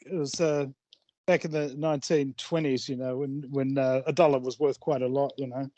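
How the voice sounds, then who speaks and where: A man's voice: mid-range voice, steady tone, moderate pace, warm tone, highs cut off. Rambling New man telling jokes. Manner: rambling storyteller, many "uh" fillers. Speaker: caller in an online hangout. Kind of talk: casual joke telling.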